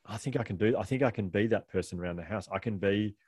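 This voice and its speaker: Australian male guest, low-ish, fast talker, animated raconteur, dry recording. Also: slightly rough, dry recording. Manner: animated, laughing storyteller with fast rambling delivery. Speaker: author and guest. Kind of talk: casual storytelling interview.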